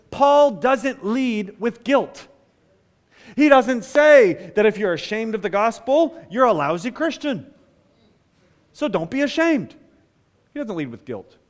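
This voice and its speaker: A man preaching a sermon as pastor, swinging between loud emphatic lines and hushed asides. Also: very high-pitched, long reverb tail.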